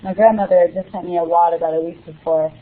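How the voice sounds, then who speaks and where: A woman's voice: lowish voice, steady tone, fast talker. Young woman reading aloud over a tinny line. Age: young adult. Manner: casual, with ums before reading. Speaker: student reader. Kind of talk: reading a novel excerpt aloud. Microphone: computer or phone call. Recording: tinny phone-like call audio.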